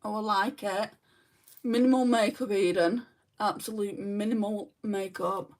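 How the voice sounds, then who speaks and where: A woman's voice: medium pitch, fairly even intonation, measured pace, darkish tone, far from the mic. A woman with a New Zealand accent hosting a casual makeup livestream, chatting and answering viewer comments as she does her makeup. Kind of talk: casual chat reading live comments.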